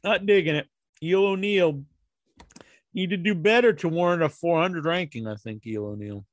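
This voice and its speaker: A man's voice: fairly high pitch, moderate pace, no room sound. A man hosting his own show, counting down a ranking with jokey, rambling, crude asides. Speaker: host counting down a wrestler ranking. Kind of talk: casual solo commentary.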